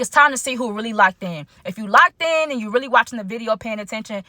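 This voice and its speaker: Bright, chatty woman telling a storytime. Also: a little high, expressive, brisk, few pauses, no echo, studio quality. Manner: slangy, chatty, talks straight to viewers as y'all and chat. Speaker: content creator telling a story. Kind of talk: casual storytime vlog.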